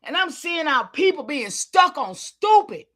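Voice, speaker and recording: A woman giving an impassioned, preachy livestream talk, calling out to her listeners and sometimes shouting in frustration. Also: high voice, sing-song, unhurried. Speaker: online community leader.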